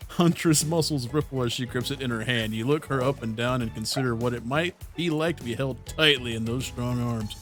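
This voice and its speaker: A man's voice: medium pitch, a little fast, few pauses, soft background music. A young man hosting a let's play, reading the game's text aloud with jokes and laughing often. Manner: playful, laughs between lines.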